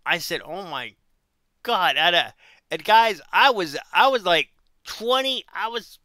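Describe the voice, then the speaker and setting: A man's voice: high voice, lively intonation, slow, pushed and bright, no echo, studio quality. A man in his forties telling life stories to his viewers in a rambling, repetitive way, restarting his phrases often. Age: 40s. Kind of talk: casual storytelling monologue.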